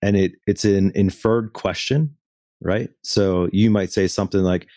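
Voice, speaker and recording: A man's voice: sits low, moderate pace, a little mellow, dry recording, clean studio sound. A man hosting an interview podcast, explaining ideas at length and asking long questions. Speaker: podcast host.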